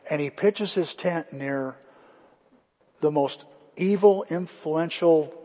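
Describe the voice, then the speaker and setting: A man's voice: fairly high pitch, a little mellow, husky, in a large hall. A male pastor preaching a sermon in a conversational storytelling way, acting out the quotes.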